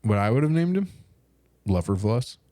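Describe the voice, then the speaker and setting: Comedy podcast co-host, male, mid-pitched, loose and foul-mouthed banter. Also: sing-song, normal speed, dark tone, no echo. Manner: loose, profane, joking. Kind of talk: casual chat.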